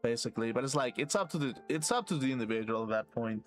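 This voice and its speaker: Male streamer, mid-pitched, loose profane ramble, faint game music behind. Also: expressive, fast talker. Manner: rambling, profane, laughs to himself. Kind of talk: casual rambling rant while gaming.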